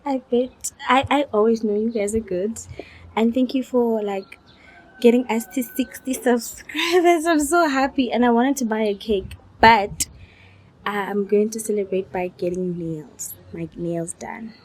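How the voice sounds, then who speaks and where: A woman's voice: a little high, measured pace, darkish tone, slight background noise. A young woman, tired, chatting casually to her vlog audience and dropping in Sesotho phrases. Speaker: vlogger.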